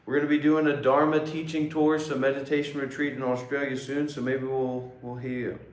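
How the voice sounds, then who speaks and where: A man chats on a livestream in a loose, joking way, wandering off and restarting his thoughts. His voice sits at an ordinary middle pitch. The sound rings in a roomy space. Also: level tone, a little fast. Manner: joking, rambling, restarts often. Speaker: livestream meditation host, former monk. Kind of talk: casual livestream chat.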